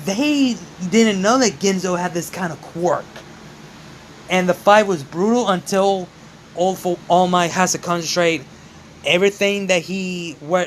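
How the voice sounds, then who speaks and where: A man narrating a fan-made story in a casual, halting way with many restarts. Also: high voice, a little hiss or hum.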